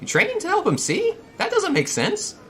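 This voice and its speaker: Man doing high excitable tour guide, overly welcoming, lively swoops, noisy recording. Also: moderate pace, exaggerated voice. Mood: eager. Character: eager, chatty male tour guide NPC.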